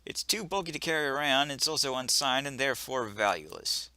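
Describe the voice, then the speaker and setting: A man voicing a sardonic gentleman cat burglar in a put-on British accent, deadpan and wry, for a video game. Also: medium pitch, fairly quick, no room sound. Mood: dry. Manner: dry, deadpan, wry asides. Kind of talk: video game voice-over reading.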